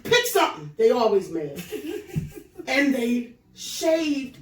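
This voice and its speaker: A woman hosting a casual chat show, telling an animated, profane story and laughing through it. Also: on the high side, takes it slowly, reverberant, far from the mic. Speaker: show host.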